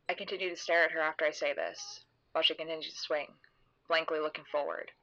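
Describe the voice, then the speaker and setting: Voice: medium pitch, steady tone, fast talker, creaky, sharp tone, dull audio. A narrator telling a horror mystery podcast story in the first person, in a sardonic, sarcastic manner.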